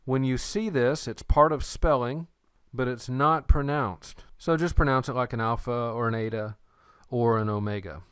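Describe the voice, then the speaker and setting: A man's voice: medium pitch, fairly even intonation, normal speed, smooth, dry recording, studio quality. A man teaching an introductory Greek lesson, explaining patiently with playful memory tricks. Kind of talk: recorded lecture.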